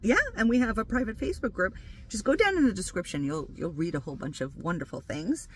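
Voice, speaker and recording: A woman hosting her own spiritual channel, talking loosely and without a script, repeating herself and jumping up high when she voices her inner thoughts. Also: animated, fast talker, slight background noise. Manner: repeats phrases, loose and unscripted. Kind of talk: casual spiritual talk to camera.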